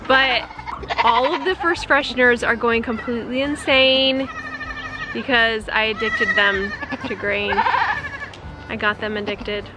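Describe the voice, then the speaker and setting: Host type: forties woman, high bright voice, lively and joking, shot outside in a goat pen with bleating goats loud in the background. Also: a little slow. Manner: animated and joking, mimics goat screams. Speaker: farm vlogger. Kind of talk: casual chat to camera. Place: outdoors in a goat pen on a small farm. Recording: noisy, goats bleating behind.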